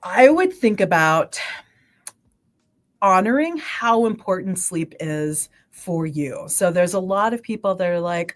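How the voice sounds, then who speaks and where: A woman scientist, a guest on a livestream, explaining sleep and dreams with lively examples. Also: mid-range voice. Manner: animated, explains with quick examples. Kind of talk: livestream interview.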